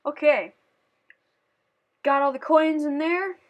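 A woman playing a platform game on camera, chatting playfully and breaking into shrieks and yells as she plays. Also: sits high, slow. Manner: playful, talks to the game and her cat. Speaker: gaming channel host. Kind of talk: let's play commentary.

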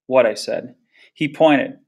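A man reading a novel aloud chapter by chapter. His storytelling is steady and plain, pitched in an ordinary middle range. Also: normal speed. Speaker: reader.

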